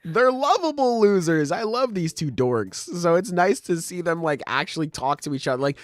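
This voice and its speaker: A man's voice: a little high, expressive, moderate pace, no echo. A man co-hosting a podcast, chatting loosely and swearing as he recaps manga chapters, slipping into offhand paraphrases of the characters. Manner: laid-back, profane, acts out characters in offhand paraphrase. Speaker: podcast co-host.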